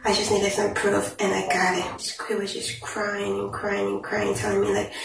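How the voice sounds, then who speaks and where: A woman's voice: medium pitch, monotone, normal speed, creaky, hardly any pauses, distant mic. A young woman vlogger telling a personal story in a chatty, confiding way, full of "like" and "you know". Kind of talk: casual storytime. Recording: echoey room, voice a bit off-mic, noisy.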